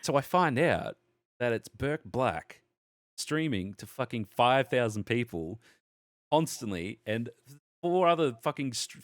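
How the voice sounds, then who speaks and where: An Australian man co-hosting a podcast, rambling through an animated gaming story and swearing freely in casual chat. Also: medium pitch, a little slow, no echo. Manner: rambling anecdote, heavy swearing, animated retelling. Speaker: podcast co-host.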